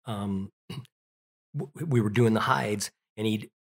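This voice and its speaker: A man's voice: lowish voice, slow pace, gravelly. A middle-aged man telling childhood stories in an interview, rambling with restarts and fillers. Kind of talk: casual storytelling.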